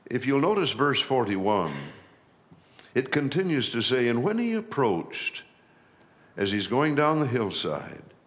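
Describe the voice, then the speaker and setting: Preaching as a pastor, this middle-aged man stresses important lines by rising in pitch and loudness, then slows down to let them land. His tone is a little bright, with large pitch swings.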